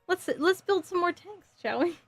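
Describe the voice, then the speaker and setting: A woman's voice: very high voice, expressive, moderate pace, dry recording, soft background music. A woman in her thirties chatting casually with her viewers while building a model kit, giggling often. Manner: chatty, giggly, reading chat aloud. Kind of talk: casual livestream chat.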